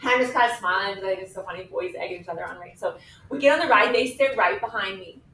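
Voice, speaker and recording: A middle-aged woman teaching math to a class, lively and chatty, often checking in with her listeners. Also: mid-range voice, fast talker, slight background noise. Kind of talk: animated classroom storytelling and teaching. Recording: echoey classroom recorded from a distance.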